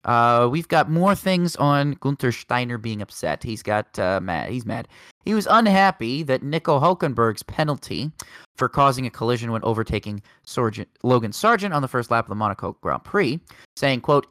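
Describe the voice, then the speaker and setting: A man's voice: medium pitch, lively intonation, normal speed, fairly bright tone, no room sound, clean studio sound. A man co-hosting a casual racing podcast, rambling through the news with joking asides. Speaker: podcast co-host.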